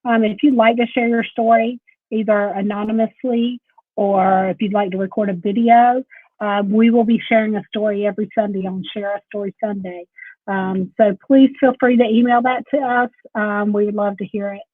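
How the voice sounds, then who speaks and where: A woman co-hosting a casual live-stream chat, talking in a calm, supportive way with frequent ums. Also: mid-range voice, normal speed, no room sound, narrow, tinny audio. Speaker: co-host.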